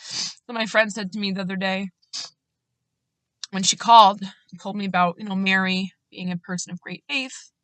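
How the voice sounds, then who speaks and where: Bright-voiced woman telling a faith story. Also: mid-range voice, normal speed, long pauses, no room sound. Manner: earnest, animated when quoting others, laughs at herself. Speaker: podcast host.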